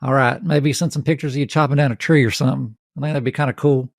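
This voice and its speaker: A man's voice: mid-range voice, steady tone, fast talker, vocal fry, no room sound, studio quality. A man putting on a twangy Southern country drawl. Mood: folksy teasing. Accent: exaggerated Southern US twang. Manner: folksy, drawling, teasing. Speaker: podcast host.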